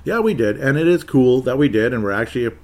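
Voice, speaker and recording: A man's voice: medium pitch, lively intonation, quick pace, a little mellow. A man hosting a sports talk show, chatting casually and reading out listener comments, often rambling, correcting himself and laughing. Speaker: sports podcast host.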